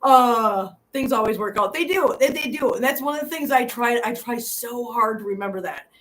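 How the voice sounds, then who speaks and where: A woman's voice: fairly high pitch, moderate pace, a bit bright, a little hiss or hum, rough recording. A middle-aged woman hosting a live stream from a hotel room. She talks earnestly and from the heart to her viewers and laughs often. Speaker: channel host.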